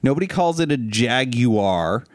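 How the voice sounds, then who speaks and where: A man's voice: medium pitch, a little slow, dry recording, clean studio sound. A middle-aged man from Ohio co-hosting a podcast, telling self-deprecating stories in casual chat. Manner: animated, self-deprecating storytelling. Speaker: podcast co-host.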